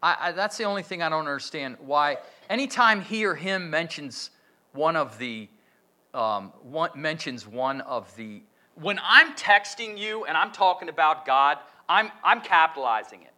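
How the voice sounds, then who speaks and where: A man preaching a sermon, working through a verse with lots of questions to his listeners and slow, stressed quotations. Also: fairly high pitch. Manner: questioning, lively emphatic delivery with drawn-out quotes.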